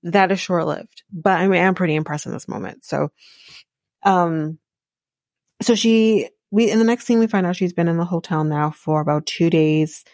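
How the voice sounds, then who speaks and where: A woman's voice: on the low side, moderate pace, a little mellow, no echo, clean studio sound. A woman from Jamaica hosting a podcast, giving blunt, sarcastic casual commentary and swearing freely. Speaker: podcast host recapping a reality show.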